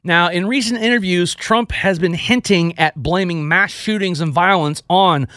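A man from Houston, Texas, hosting a radio show in a casual, energetic, joking style. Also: sits high, normal speed, dry recording, clean studio sound. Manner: energetic, joking, self-deprecating.

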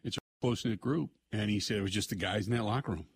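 A man hosting a sports radio show, animated and repeating phrases for emphasis. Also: fairly low pitch, fast, breathy edge, no room sound.

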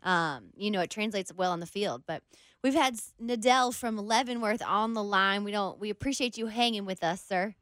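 A woman co-hosting sports talk radio, lively and enthusiastic. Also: medium pitch, normal speed, no echo, studio quality. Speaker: radio co-host.

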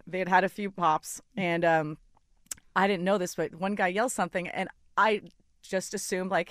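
A woman's voice: fairly low pitch, normal speed, no echo. A woman guest in a studio chatting, telling a funny story with lots of laughter and quoted dialogue. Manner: animated, laughs often, quotes herself. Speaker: in-studio guest, sideline reporter. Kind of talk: casual chat, storytelling. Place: radio studio.

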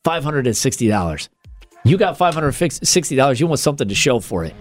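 Profane, animated male podcast storyteller. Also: medium pitch, brisk, faint music behind. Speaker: podcast co-host. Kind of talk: casual comedic podcast chat.

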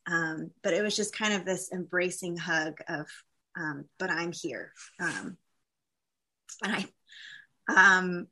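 Bright-voiced woman telling a heartfelt story. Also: fairly low pitch. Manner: candid, halting, many fillers and restarts. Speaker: guest. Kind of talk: personal testimony in a conversation.

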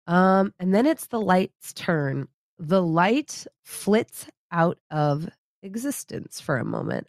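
A woman narrating as game master in a tabletop game, relaxed and descriptive, and she corrects herself casually. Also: lowish voice, slow, no room sound, clean studio sound.

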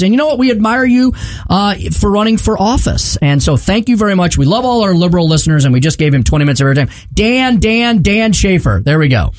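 A man hosting a political talk radio show in a studio, talking in a brisk, emphatic way. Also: fairly high pitch, dry recording. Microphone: studio microphone.

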